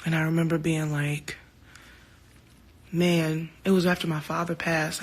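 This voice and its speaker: A woman's voice: sits low, little pitch movement, unhurried, pauses often. A woman talking casually to her fans on a phone livestream, heartfelt and open, swearing now and then. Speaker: singer hosting a livestream.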